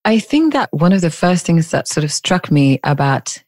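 A woman hosting a podcast interview, asking curious questions in a warm, friendly manner. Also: on the low side, very animated, normal speed, dry recording, studio quality. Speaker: podcast host.

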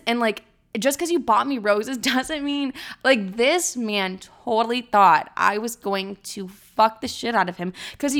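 Profane, animated young woman storyteller. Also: a little high. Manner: blunt, profane, animated, exasperated. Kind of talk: casual storytime monologue.

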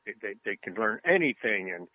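A man's voice: on the low side, very animated, fairly quick. Rambling man on a tinny phone line. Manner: chatty, rambling anecdotes, easy laughs. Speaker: co-host. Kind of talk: casual podcast chat.

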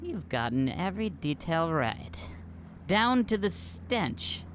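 A man's voice: on the high side, sing-song, takes it slowly, a little hiss or hum. A man playing pompous playboy scholar Arthur. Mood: prim. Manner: prim, gushing, naive academic chatter. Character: pompous rich young male pirate scholar.

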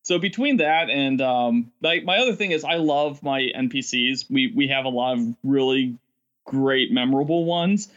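A man telling stories as a game master in a casual podcast chat, rambling and animated, often laughing. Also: medium pitch, normal speed, muffled recording.

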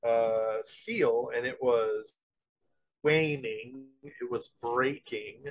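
A podcast co-host talking through an idea in casual chat. The delivery is slow and unhurried, and the thoughts wander. The pitch sits in the middle. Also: rough recording. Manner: rambling, unhurried explaining.

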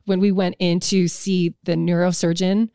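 A podcast host in her thirties tells a personal story with open emotion and frequent laughter. Her voice carries a gravelly fry. The sound is dry and close. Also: on the low side, level tone, normal speed, dark tone, no echo. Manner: emotional, candid, laughs often.

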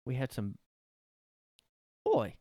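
A man's voice: medium pitch, huge pitch swings, takes it slowly, in a large hall, heavily acted. A man doing a jeering British pub bloke. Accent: put-on British. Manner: jeering, exaggerated, shouty. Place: his room.

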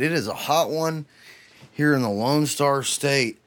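A man's voice: a little high, animated, unhurried. Profane ranting man, podcast host. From Texas. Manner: profane, heated ranting that cools to a weary murmur.

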